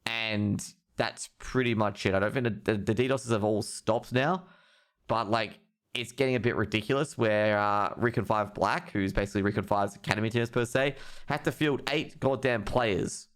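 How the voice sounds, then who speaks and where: A man's voice: on the low side, normal speed, fairly bright tone, clean tone. A young man hosting a live stream, ranting with heavy profanity about esports news. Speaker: streamer host.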